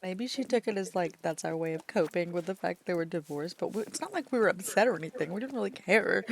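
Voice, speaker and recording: A woman's voice: fairly low pitch, a little fast, creaky. A woman streamer chatting casually while gaming, telling rambling stories, swearing freely and laughing often.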